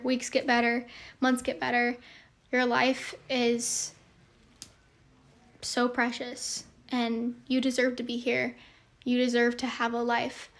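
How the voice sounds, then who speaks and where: Earnest young woman, high flat voice. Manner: earnest, rambling with many fillers. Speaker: social media creator. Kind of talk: heartfelt monologue to followers.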